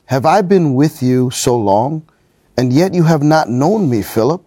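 A man in a Bible study group reading a scripture passage aloud in a steady manner. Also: medium pitch, dry recording, studio quality.

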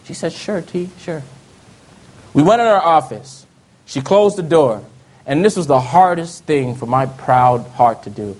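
A man telling a personal testimony in an earnest storytelling way, often dropping to soft low tones. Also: expressive, unhurried. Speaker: speaker giving testimony.

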